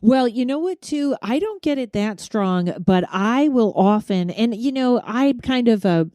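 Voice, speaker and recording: A woman hosts a podcast with a mellow, warm voice, chatting casually. She retells everyday stories, laughs easily and acts out what people said. The sound is dry and close. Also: fairly high pitch, animated, unhurried, dry recording. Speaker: podcast host. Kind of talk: casual chat.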